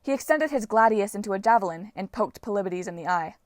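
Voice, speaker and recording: A woman narrates a novel aloud in a steady storytelling voice. Her pitch sits in a middle range, and the recording is dry and close with no room echo. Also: fast talker. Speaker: audiobook reader. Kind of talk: fan audiobook narration.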